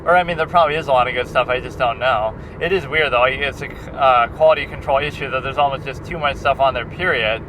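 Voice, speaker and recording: A man's voice: medium pitch, fast talker, few pauses, fairly bright tone, slight background noise. A man and film critic chatting in a rambling, casual vlog, often restarting his sentences, recorded on a handheld recorder outdoors. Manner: meandering, many restarts and fillers.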